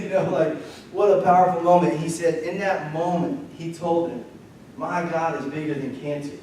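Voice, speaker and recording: A man's voice: on the high side, a little hiss or hum. Casual preacher man in an echoey church. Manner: casual storytelling, animated quoting of others. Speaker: pastor. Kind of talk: sermon. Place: church sanctuary. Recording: echoey hall from far off.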